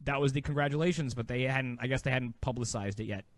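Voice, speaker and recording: Quick-talking man recapping with amusement. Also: mid-range voice, dry recording. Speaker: podcast co-host. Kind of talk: casual chat.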